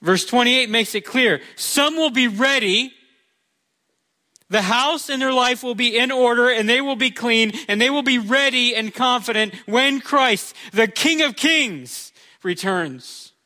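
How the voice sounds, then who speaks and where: A man's voice: very high voice, measured pace, pushed and bright. A male pastor preaching a sermon in a conversational way, with touches of humor.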